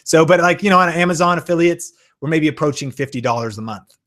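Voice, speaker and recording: A man hosting a live-stream Q and A, talking with excitable enthusiasm and plenty of fillers. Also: fairly high pitch, quick pace. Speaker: YouTube channel host.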